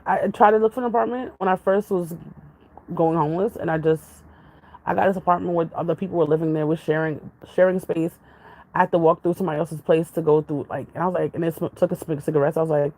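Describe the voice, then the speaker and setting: Gravelly-voiced woman vlogger chatting. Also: fairly low pitch, darkish tone, rough recording. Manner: jumps from topic to topic, chatty, laughs often. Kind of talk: casual rambling chat to viewers.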